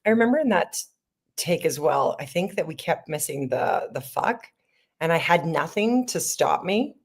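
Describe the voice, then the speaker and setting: A woman's voice: deep voice, expressive, normal speed. A middle-aged woman in casual chat about making her sketch comedy, chatty and rambling. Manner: chatty, rambling, laughs often. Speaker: sketch comedy creator and lead actor. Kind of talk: casual behind-the-scenes chat.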